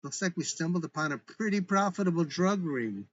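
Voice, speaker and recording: A man's voice: fairly high pitch, animated, brisk, a bit bright, highs cut off, voice pushed up. A man voicing a smug male federal agent who lectures in a self-satisfied manner.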